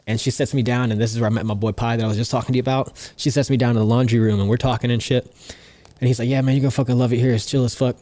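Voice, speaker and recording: Young comic guest, raw and profane, animated story delivery at a middle pitch. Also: male voice, racing. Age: young adult. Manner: animated, laughs through his stories, swears constantly. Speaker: guest comedian.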